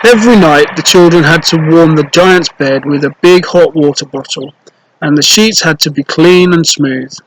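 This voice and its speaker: A man reading a children's storybook aloud, slow, clear and playful, with rhymes. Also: fairly high pitch, slight background noise, low-quality recording.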